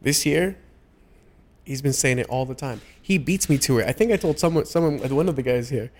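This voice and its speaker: Young adult man, medium voice, halting heartfelt chat guest with frequent restarts. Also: medium pitch. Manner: halting, many restarts and fillers. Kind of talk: casual heartfelt conversation.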